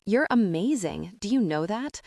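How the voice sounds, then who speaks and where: A woman's voice: medium pitch, expressive, measured pace, darkish tone, no echo, studio quality. A woman voicing a breathless, panicked older mother. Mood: relieved. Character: frightened middle-aged woman, a mother, gasping for air. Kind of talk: audiobook narration.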